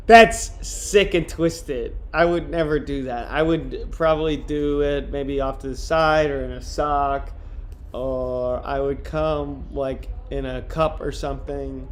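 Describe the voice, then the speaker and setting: A young man streaming, chatting crudely and joking between read-aloud book passages. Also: a little high. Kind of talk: casual livestream chat and reading aloud.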